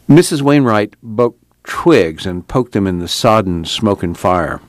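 A man narrating a novel in a steady, measured reading. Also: lowish voice, dry recording. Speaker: audiobook narrator. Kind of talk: scripted narration.

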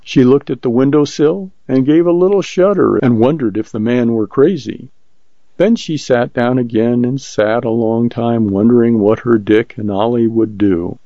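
Gravelly male story reader, dull recording. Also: mid-range voice, dry recording. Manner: measured, steady storytelling. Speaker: volunteer reader of short stories. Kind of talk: audiobook story narration.

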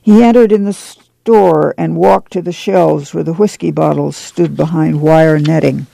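A man reading a novel aloud for a radio program in plain, even narration at a close studio microphone. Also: a little high, a little slow, vocal fry, no echo, poor audio. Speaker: audiobook reader.

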